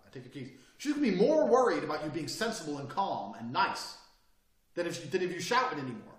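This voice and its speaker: A brash man lectures on body language, cursing freely. His pitch runs higher than most men's and moves constantly, and he swings between near-shouts and low murmurs. The sound is roomy and echoey, with the mic set back from him. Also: big pitch swings, fairly quick. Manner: profane, brash, swings between loud and quiet. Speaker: self-improvement speaker. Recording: echoey room, distant mic.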